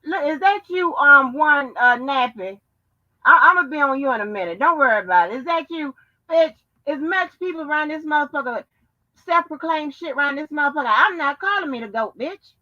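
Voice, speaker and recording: A woman's voice: high-pitched, lively intonation, brisk. A woman hosting a live stream, ranting brashly with heavy cursing and taunts at her listeners. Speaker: show host. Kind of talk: profane live-stream rant. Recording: dull lo-fi stream audio.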